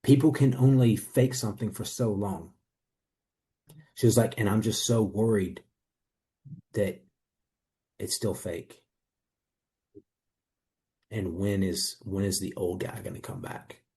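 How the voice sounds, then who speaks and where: A man's voice: lowish voice, fairly even intonation, takes it slowly, pauses often, dark tone. A man in a testimonial interview, earnestly and reflectively telling his own story as a coaching client.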